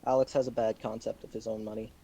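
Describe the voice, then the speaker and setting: A man's voice: fairly low pitch, little pitch movement, quick pace, creaky, dark tone, slightly rough, dull audio. A man playing in a tabletop game, coaxing and bargaining, sometimes in broken in-character phrasing.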